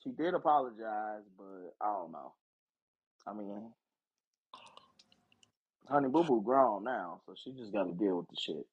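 A man's voice: on the low side, animated, a little slow, long pauses. A man co-hosting a casual podcast, talking loosely and bluntly and swearing freely. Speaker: podcast co-host. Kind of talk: casual chat. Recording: husky voice, dull lo-fi audio.

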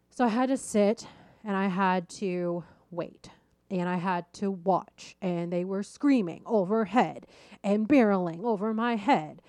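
A woman coach and podcast host telling a story in a casual, animated way and laughing at herself as she goes. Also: fairly low pitch, dry recording.

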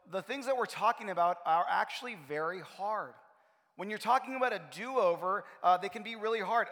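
High-voiced pastor preaching in a reverberant hall. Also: male voice. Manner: animated storytelling, acts out his own frustration. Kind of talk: sermon.

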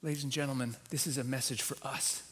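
A man, a rabbi, preaching a sermon in a church, teaching with animated emphasis and acting out quoted voices. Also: medium pitch, quick pace.

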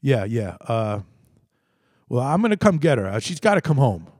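A man's voice: mid-range voice, very animated, moderate pace, a little mellow, no room sound, clean studio sound. A man voicing an agitated, suspicious father on the phone who stammers and snaps defensively.

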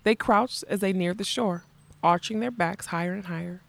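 A woman narrating a fantasy novel in a measured, expressive storytelling voice. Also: fairly low pitch, gravelly. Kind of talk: audiobook reading of a fantasy novel.

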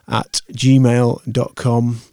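A man's voice: mid-range voice, completely flat delivery, extremely slow, a little mellow, no room sound, studio quality. A man hosting a podcast, chatting casually and rambling through his sign-off with fillers and restarts. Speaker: podcast host. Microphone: podcast microphone.

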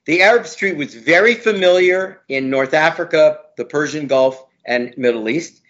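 High-voiced emphatic man, lo-fi audio. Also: normal speed, fairly bright tone. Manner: emphatic, repeats words for stress. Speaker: law professor guest. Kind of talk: opinionated interview talk. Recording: dull lo-fi audio.

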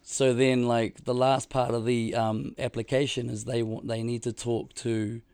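Man, middle-aged, gravelly creaky voice, dry close sound, rambling podcast storyteller, swears a lot. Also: mid-range voice, level tone, unhurried, a little mellow, no echo. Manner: rambling, heavy on "like" fillers, swears freely. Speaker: podcast co-host. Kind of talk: casual storytelling chat.

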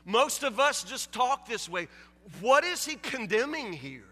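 A man's voice: very high-pitched, sing-song, a little slow, pushed and bright, long reverb tail. A man preaching a sermon as pastor, asking rhetorical questions with frequent stammered repetitions and casual asides. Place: church sanctuary.

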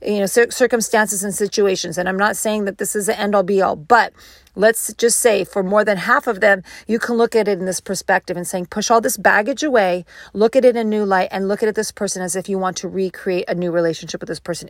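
A woman giving a motivational self-help talk, animated and acting out quoted inner voices. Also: mid-range voice, dry recording, clean studio sound.

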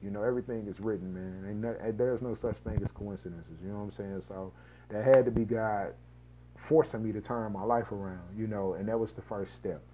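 A man's voice: lowish voice, fairly even intonation, normal speed, dark tone, slight background noise. A man from Missouri casually telling a personal story on his podcast, rambling and slangy with lots of asides. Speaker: podcast host.

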